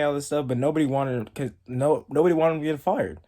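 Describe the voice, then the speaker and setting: A man's voice: a little high, fast talker, few pauses, warm tone. Rambling young man telling a story. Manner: rambling, heavy use of "like". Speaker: storytime vlogger. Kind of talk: casual storytelling.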